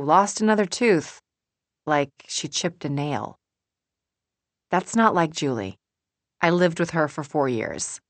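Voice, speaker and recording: A woman's voice: low voice, no echo. A young adult woman narrating a novel in the first person, with a wry, introspective manner into a close studio mic. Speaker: audiobook narrator.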